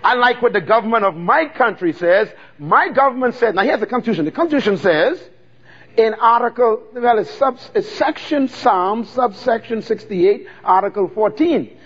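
A man's voice: very high-pitched, expressive, fairly bright tone, breathy edge, muffled recording. A man preaching a sermon, drawing out key words and calling for the congregation to repeat after him. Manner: call-and-response preaching, drawn-out emphatic words. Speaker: pastor.

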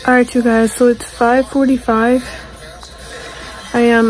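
A young woman vlogging at home after surgery, tired and sore-throated, talking quietly and with effort. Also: on the high side, level tone, a little slow, over music. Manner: quiet, weary, talks with effort. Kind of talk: casual phone vlog. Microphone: phone camera.

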